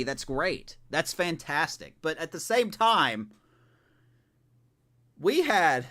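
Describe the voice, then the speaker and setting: In fairly high-pitched, slow speech broken by frequent pauses, a man gives casual live commentary while playing a baseball video game on stream. He is animated, mutters to himself, and sounds exasperated at what happens.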